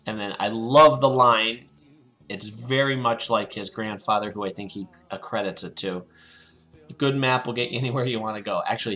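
Enthusiastic man recapping, bright lo-fi voice. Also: fairly low pitch. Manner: enthusiastic, repeats phrases like "love it". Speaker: podcast host. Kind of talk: casual episode recap.

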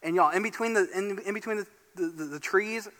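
A man from Northeast Indiana preaching a sermon as pastor, telling a story in an animated, excitable way. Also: high-pitched, brisk. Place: church sanctuary. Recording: long church hall reverb.

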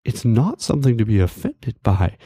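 A man's voice: mid-range voice, sing-song, moderate pace, dark tone, slightly rough, no room sound, clean studio sound. A man telling a funny personal story to podcast listeners in a casual, rambling way, full of fillers, chuckling at his own tale.

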